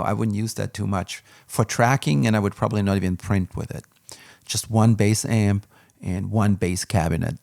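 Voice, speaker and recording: A man's voice: fairly low pitch, gravelly, a little mellow, dry recording, studio quality. A man casually reviewing an audio interface, candid and rambling, with plenty of fillers. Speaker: music gear reviewer.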